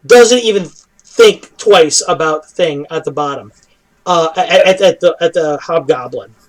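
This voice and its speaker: A man's voice: a little high, unhurried. A man narrating as game master of a tabletop game, joking and laughing, often restarting his sentences. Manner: jokey, with frequent restarts and laughs.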